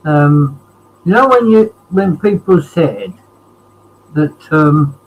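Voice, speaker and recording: A man's voice: fairly high pitch, expressive, slow pace, dull audio. A man joining a chat from his computer at home on a laptop camera mic, hesitant and apologetic. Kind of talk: casual chat.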